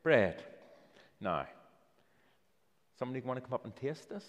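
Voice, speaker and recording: A man's voice: medium pitch, very animated, normal speed, in a large hall. A man preaching a children's talk sermon, telling the story and inviting listeners up to taste props.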